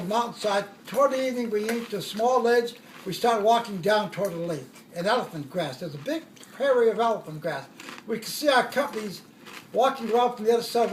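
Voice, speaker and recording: A man's voice: high voice, echoey room, recorded from a distance, slight background noise. An older man, a war veteran, tells his stories in a rambling way, correcting himself as he goes and chuckling at his own jokes. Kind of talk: oral history storytelling.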